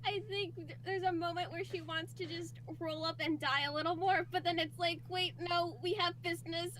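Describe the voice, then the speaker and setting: A woman playing in a tabletop role-playing game, giggly and relaxed, speaking for her character. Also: very high-pitched, slight background noise. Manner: giggly, slow-spoken. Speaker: player. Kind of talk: casual tabletop play.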